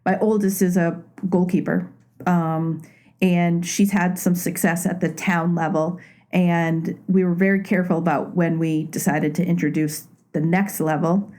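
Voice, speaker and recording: Relaxed low-voiced woman guest. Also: unhurried. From Maine, USA. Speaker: podcast guest, loan officer. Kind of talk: casual interview chat.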